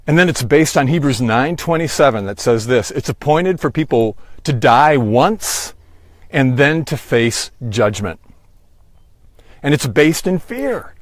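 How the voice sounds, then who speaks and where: A man giving a sermon, slow and deliberate, rising on emphatic phrases. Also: medium pitch, sing-song, dry recording, clean studio sound. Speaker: pastor.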